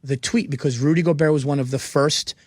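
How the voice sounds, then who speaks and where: A man, a comedian guest on a radio show, telling a story with lots of laughter and excitement. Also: a little high, a little fast, no room sound, clean studio sound. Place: radio studio. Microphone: studio microphone.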